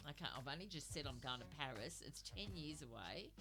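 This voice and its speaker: A woman's voice: low-pitched, animated, brisk, music in the background. A middle-aged woman, a radio guest, telling a story animatedly with laughter and swearing. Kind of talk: casual storytelling chat.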